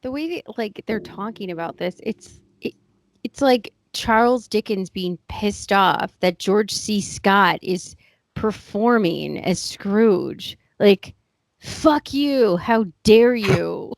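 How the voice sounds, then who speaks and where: A woman's voice: medium pitch, slow, dry recording, clean studio sound. Wry female podcast co-host. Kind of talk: casual podcast commentary.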